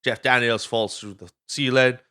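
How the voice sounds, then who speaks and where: A man's voice: medium pitch, steady tone, moderate pace, pushed and bright, clear, resonant tone. Rambling Welsh man recapping a movie. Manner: rambling, swears freely, goes off on tangents. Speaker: podcast host. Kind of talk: casual movie recap chat.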